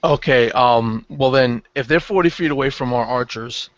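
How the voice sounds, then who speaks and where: A man's voice: mid-range voice, normal speed, a little hiss or hum. A man playing a tabletop game, describing his moves hesitantly. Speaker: player. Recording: dry, muffled lo-fi audio.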